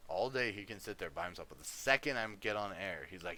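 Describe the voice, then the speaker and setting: A man's voice: deep voice, expressive, fast talker, pushed and bright. A male livestreamer chatting casually, easygoing, coaxing and scolding his dog between music talk.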